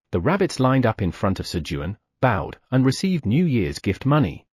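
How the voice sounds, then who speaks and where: Husky, very lively male audiobook narrator. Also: mid-range voice, moderate pace, hardly any pauses, no room sound, studio quality. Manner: lively storytelling with sound effects.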